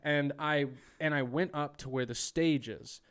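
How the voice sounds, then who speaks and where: A young man hosting a podcast, telling a story in casual chat, animated and profane, acting out what people said. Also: a little high, a little slow, clean tone. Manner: animated, profane, acts out quotes. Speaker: podcast host.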